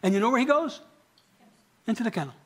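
With an extremely high, husky, sing-song voice and a quick pace, a male pastor delivers a church sermon. He chats with the congregation and asks them questions as he goes.

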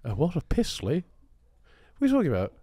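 A young man co-hosting a podcast, quick-witted and playful in casual comedic chat. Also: a little high, huge pitch swings, mellow, husky, no echo. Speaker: podcast co-host.

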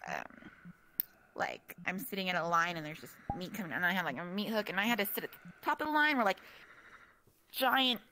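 Bright-voiced young woman rambling, drunk. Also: medium pitch, a little fast, slight background noise. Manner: rambling, lots of "like" and fillers, animated storytelling. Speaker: streamer chatting with a friend. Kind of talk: casual chat.

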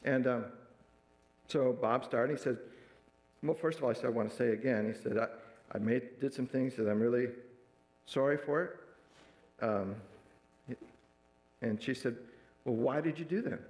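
A man preaching to his church, mid-pitched and ordinary in tone. He tells a story from the pulpit and slips into the voices of the people he quotes. The sound carries the echo of a large room. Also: unhurried, long pauses, darkish tone. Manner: retells a counseling story, acting out quoted dialogue. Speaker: pastor. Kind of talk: sermon storytelling. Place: church sanctuary.

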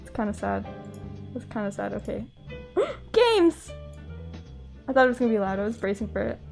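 A woman's voice: mid-range voice, steady tone, fast, vocal fry, darkish tone. A young woman streaming and chatting casually with her viewers, laughing often, from the US West Coast. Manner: giggly, talks to chat, laughs often. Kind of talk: casual live-stream chat. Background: faint background music.

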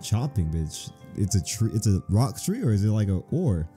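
A man's voice: lowish voice, very animated, normal speed, dark tone, faint music behind. A man giving casual, profane gameplay commentary as he plays, joking and reacting aloud as he reads the game's text. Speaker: let's play host.

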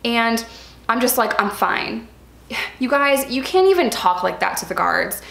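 An earnest young woman tells her own story in a candid vlog, stressing points by repeating words. Her voice sits a little high. The room around her echoes noticeably. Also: big pitch swings, normal speed, vocal fry, fairly bright tone. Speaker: vlogger sharing personal experience. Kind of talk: candid personal vlog talk.

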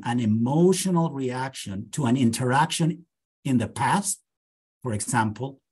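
Husky-voiced man giving a lecture. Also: medium pitch, darkish tone. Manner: measured, deliberate lecturing with emphatic slowdowns. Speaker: psychiatry lecturer. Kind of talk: academic lecture with case vignettes.

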